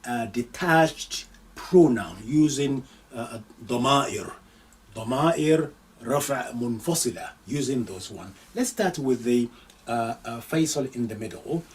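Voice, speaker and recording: A man teaching an Arabic lesson, reading phrases slowly and deliberately and repeating each one with its translation. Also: mid-range voice, animated, far from the mic, poor audio. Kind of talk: live online language lesson.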